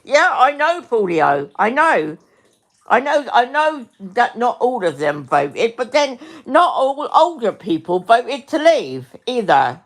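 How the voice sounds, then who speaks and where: A woman's voice: a little high, sing-song, measured pace. A middle-aged woman hosting a livestream, ranting angrily and swearing, often repeating herself and speaking to her chat by name. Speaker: livestream host. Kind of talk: angry livestream rant.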